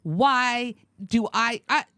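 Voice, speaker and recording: A woman co-hosting a political commentary chat, chiming in with quick, incredulous remarks. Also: a little high, bright, forceful tone, clean tone, no echo, clean studio sound. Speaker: co-host.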